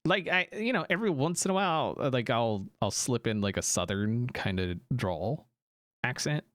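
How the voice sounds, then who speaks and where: A man's voice: mid-range voice, expressive, moderate pace, a bit bright, dry recording, studio quality. An American man streaming a game, chatting casually with viewers, rambling and correcting himself as he goes. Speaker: gaming streamer. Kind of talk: casual live-stream chat.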